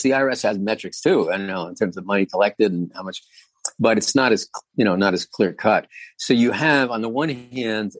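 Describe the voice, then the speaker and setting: A man's voice: fairly low pitch, no echo. A man being interviewed, answering at length in a thoughtful, rambling way with many fillers and restarts. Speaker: guest, former agency commissioner.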